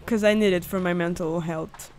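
A young woman commentating a horror game, swinging between shrieking panic and calm muttering and swearing a lot. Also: fairly low pitch, moderate pace, a little hiss or hum. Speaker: gamer.

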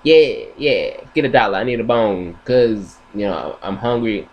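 A man's voice: on the low side, expressive, measured pace, muffled recording. A man voicing a hungry, brash male talking dog who talks in street slang and makes boastful threats. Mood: begging.

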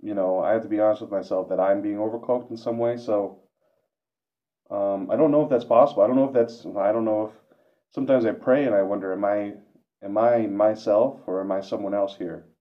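Low-voiced guy thinking out loud, hesitant, keeps restarting, kinda muffled lo-fi sound. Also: steady tone, brisk. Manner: hesitant, self-questioning, many restarts. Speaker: vlogger. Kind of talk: reflective monologue. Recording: dull lo-fi recording.

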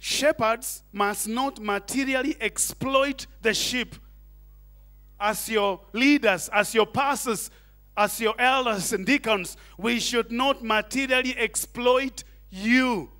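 A middle-aged man preaching a sermon, animated, tossing in Swahili asides and questions to the congregation. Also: very high-pitched, slow. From Kenya. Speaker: pastor.

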